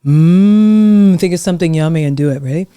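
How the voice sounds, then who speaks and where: A middle-aged woman, a vocal coach, leading warm-up exercises in a lively, encouraging, demonstrative way on a podcast. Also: sits low, very fast, dry recording. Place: podcast studio.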